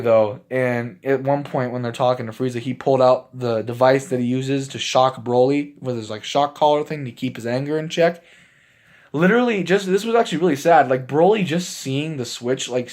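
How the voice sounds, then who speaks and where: A man casually recapping a movie for his channel, rambling with lots of fillers and breaking into laughs as he gets excited. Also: mid-range voice, a little fast. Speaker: movie reviewer.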